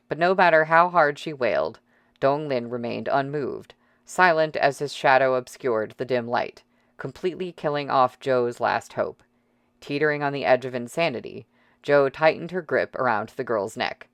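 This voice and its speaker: A man reading a novel aloud as audiobook narrator, steady and dramatic. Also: mid-range voice, normal speed, clear, resonant tone, dry recording, clean studio sound.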